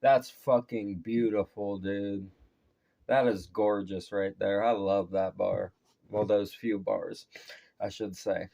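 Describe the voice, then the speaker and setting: A relaxed man in his thirties chats through a reaction video in a low voice. It has a worn, tired edge from a long shift of taking orders. He curses casually and laughs along as he goes. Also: takes it slowly, gravelly. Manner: laid-back, swears a lot, laughs often. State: tired voice from talking at work.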